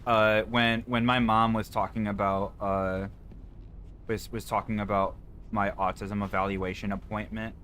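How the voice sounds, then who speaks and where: A man's voice: fairly low pitch, level tone, a bit bright, a little hiss or hum. A man streaming a horror game, chatting casually with a co-player and stumbling through fillers and restarts. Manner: stammering, full of fillers and restarts; quick, mumbled asides to himself. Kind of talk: casual chat while gaming.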